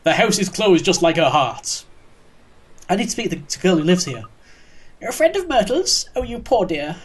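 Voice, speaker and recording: A gamer doing a high gossipy old lady neighbor. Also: big pitch swings, normal speed, slightly rough. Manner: chattering, sentimental, calls everyone dear. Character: gossipy old neighbor woman, fussy and doting.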